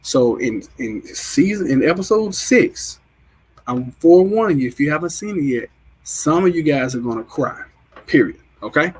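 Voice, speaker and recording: A man in his forties hosts a relaxed live stream and chats with his viewers by name. His voice sits a little high for a man and has a husky, breathy edge. He talks in an open, emotional way. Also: moderate pace, poor audio. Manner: emotional, chatty, greets viewers and reads their comments. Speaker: livestream host.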